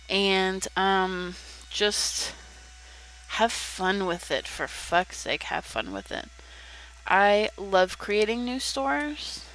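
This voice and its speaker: Young woman vlogger, mid-pitched voice, casual and candid, umming often, cursing here and there. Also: fairly bright tone, rough recording. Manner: chatty, frank, with frequent ums and some swearing. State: hiccuping. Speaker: video creator. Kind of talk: casual chat.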